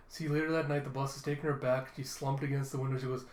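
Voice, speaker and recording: A man recapping a comic chapter in a casual, animated, chuckling way. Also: mid-range voice, quick pace, few pauses. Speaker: anime reviewer. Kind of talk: casual recap with acted voices. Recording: echoey room.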